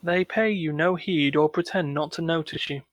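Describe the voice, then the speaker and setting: A man with a slightly high voice reads a game's narration aloud, then breaks off into casual joking chat. His voice is dry and close, with no room sound. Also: moderate pace, no echo. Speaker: game player reading the game's text. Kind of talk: casual let's-play narration.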